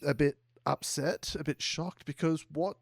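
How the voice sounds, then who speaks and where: A man's voice: on the high side, steady tone, measured pace, no echo, studio quality. A man co-hosting a comedy podcast, recapping a story in a meandering, hesitant way. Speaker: co-host.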